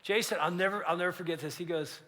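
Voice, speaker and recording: A man in his sixties preaches in a storytelling way, animating every anecdote and voicing the people he quotes. His voice sits high and sounds bright and forceful. A long reverb from the church hall trails behind each phrase. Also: fast. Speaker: pastor. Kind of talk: storytelling sermon.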